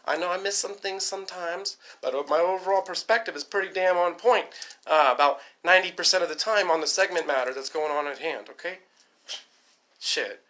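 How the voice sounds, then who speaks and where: A fast-talking man ranting to camera in a rambling, profane vlog. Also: high voice, sharp tone. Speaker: vlogger. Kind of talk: casual rant to camera.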